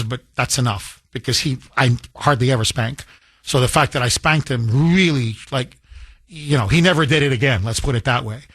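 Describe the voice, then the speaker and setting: A man's voice: mid-range voice, a bit bright, slightly rough, no echo, studio quality. A middle-aged man hosting a talk radio show, telling a personal story in casual chat and acting out the voices he quotes, with frequent restarts.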